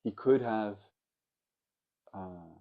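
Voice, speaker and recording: A man, a Zen teacher, giving a dharma talk, telling stories in a reflective way with pauses. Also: lowish voice, narrow, tinny audio.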